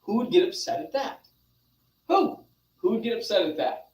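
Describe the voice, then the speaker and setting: A young adult man coaching a group over a video call, animated and demonstrative, talking straight to his listeners. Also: high-pitched, moderate pace, echoey room, distant mic, rough recording. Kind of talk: motivational online session.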